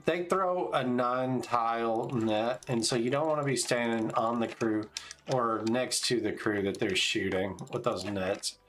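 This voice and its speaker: A man's voice: medium pitch, measured pace, a bit bright, slight background noise. Laid-back man streamer, chatty. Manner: laid-back, chatty, calls out tactics between stories. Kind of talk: casual gameplay commentary.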